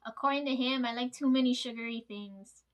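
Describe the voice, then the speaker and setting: A woman in her late twenties chats through a long storytime like a vlogger catching up with viewers, loose and unscripted, rambling, getting sidetracked, and swearing freely. Her voice sits a touch high, with a steady tone and a slightly fast pace.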